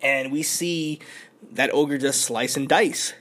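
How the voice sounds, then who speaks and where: Excited man casually recapping an episode. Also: mid-range voice, slow. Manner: excited, slangy, profane retelling with filler words. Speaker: podcast host.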